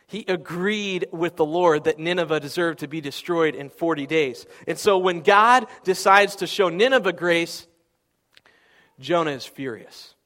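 High-voiced guy preaching a sermon, gets loud then drops way down. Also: unhurried. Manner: emphatic, swinging between loud declarations and quiet asides.

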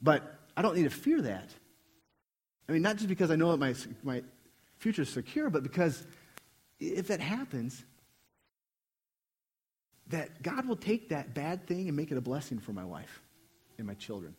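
A man's voice: fairly high pitch, very animated, normal speed, long pauses, breathy edge. A young man preaching a sermon, telling a personal story earnestly with frequent restarts. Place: church sanctuary.

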